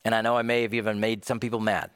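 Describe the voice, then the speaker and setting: A man's voice: on the low side, level tone, very fast, a bit bright, clear, resonant tone, dry recording, studio quality. A male pastor preaching a sermon, dramatic, acting out the voices he quotes.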